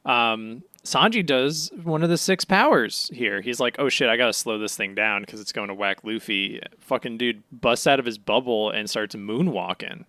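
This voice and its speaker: A man's voice: mid-range voice, moderate pace, hardly any pauses, bright, forceful tone, dry recording. A man co-hosting a podcast, casually recapping with jokes and swearing. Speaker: podcast co-host. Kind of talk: casual chat.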